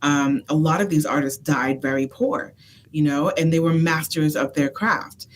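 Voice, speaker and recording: A woman consultant co-hosting a casual talk show, with a very low voice. She gives earnest advice with animated asides. A faint hiss sits under the recording. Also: normal speed. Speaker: consultant and co-host. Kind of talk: casual chat. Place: phone booth studio.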